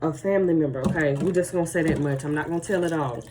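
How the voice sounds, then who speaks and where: A woman with a slightly low voice recounting a personal story in a casual, emphatic way, cursing as she goes. She speaks from home, and steady background noise runs under her voice throughout. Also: fast talker. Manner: animated, profane, emphatic. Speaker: vlogger. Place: at home, near a running tap.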